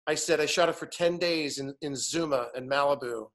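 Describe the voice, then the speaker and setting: A man's voice: on the high side, brisk, a bit bright. A man in his fifties, a guest in casual conversation, telling an anecdote animatedly and acting out the other people in it. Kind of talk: casual storytelling chat.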